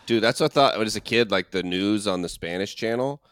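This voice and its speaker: A man's voice: lowish voice, a little fast, a bit bright, dry recording, studio quality. A man co-hosting a casual comedy podcast, telling laid-back joking stories.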